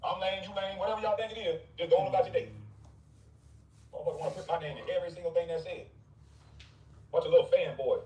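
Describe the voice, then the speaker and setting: A man's voice: high voice, quick pace, long pauses, darkish tone, far from the mic. A man ranting in a blunt, mocking, dismissive way, with scornful laughs. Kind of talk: ranting commentary. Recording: roomy, off-mic.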